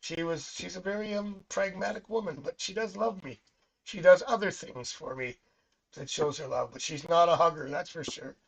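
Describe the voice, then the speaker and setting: A man's voice: on the high side, moderate pace, vocal fry, breathy edge, rough recording. A middle-aged man reading tarot cards on a live stream, chatting casually, rambling through family stories and laughing often. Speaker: psychic tarot reader.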